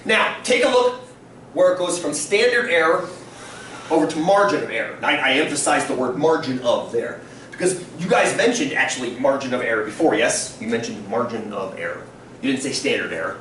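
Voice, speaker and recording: In a statistics class captured from a distance in an echoey room, a man with a mid-range voice lectures a little fast and quizzes his students often, keeping it lively. There's slight background noise.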